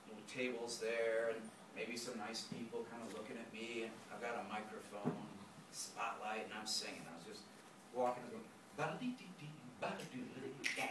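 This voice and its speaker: A man telling a personal story live, animated and given to imitating animal and singing sounds. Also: medium pitch. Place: lecture room. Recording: echoey room, distant mic, background noise.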